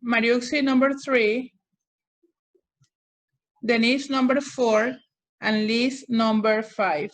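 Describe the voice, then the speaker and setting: A woman's voice: fairly high pitch, fairly even intonation, slow, long pauses. A woman English teacher running an online class over a video call, patiently calling on students by name.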